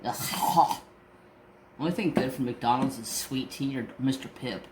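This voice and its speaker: A craft channel host chatting casually, telling a profane story and acting out everyone's lines. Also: male voice, medium pitch, normal speed, very noisy. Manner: profane, animated storytelling that acts out voices. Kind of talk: casual chat.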